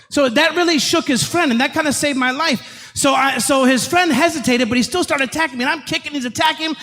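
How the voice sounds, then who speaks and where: A man preaching as a pastor, telling a story in an animated, shouting, comic way. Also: very high-pitched, brisk, few pauses, big-room sound. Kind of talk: sermon storytelling.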